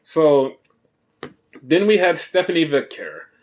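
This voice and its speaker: A man hosting a podcast, recapping wrestling shows in a rambling, profane and animated way. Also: fairly high pitch, takes it slowly. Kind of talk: casual chat.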